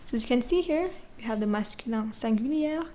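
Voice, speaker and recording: Patient woman teaching French, slightly high voice. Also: expressive, brisk, dark tone. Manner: patient, spells words letter by letter, checks with "okay?" and "right?". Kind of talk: classroom lesson explaining grammar.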